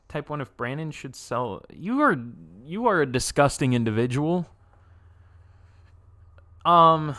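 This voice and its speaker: A young man live streaming, reacting and reading chat aloud in an excitable way, laughing often and swearing casually. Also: mid-range voice, no echo.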